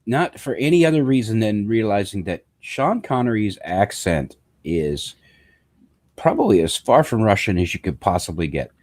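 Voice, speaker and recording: Guest: man, low and animated pitch, hesitant film reviewer with false starts. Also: moderate pace. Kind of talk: casual movie review chat.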